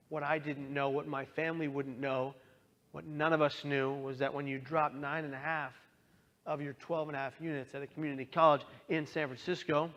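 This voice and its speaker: A man's voice: medium pitch, a bit bright, dull audio. A man in his thirties giving an earnest, emotional talk about his own experience, sometimes voicing the people in his story. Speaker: speaker. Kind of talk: personal testimony talk.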